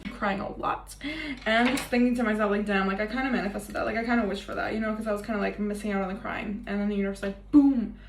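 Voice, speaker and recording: A woman's voice: mid-range voice, flat delivery, very fast. A young woman vlogging in a casual, confessional way, chatty and self-mocking, swearing freely. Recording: echoey room with faint ambient noise.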